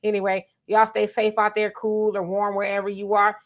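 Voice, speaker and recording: A woman from Southern California co-hosting a live stream, chatting casually with viewers and telling animated stories. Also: mid-range voice, normal speed, highs cut off. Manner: animated, talks straight to viewers, tells stories. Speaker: co-host of a live stream show.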